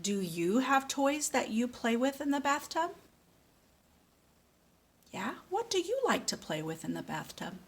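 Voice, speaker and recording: A woman reading a picture book aloud slowly and patiently, stopping to ask a child questions. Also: high-pitched, sing-song, husky. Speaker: speech therapist.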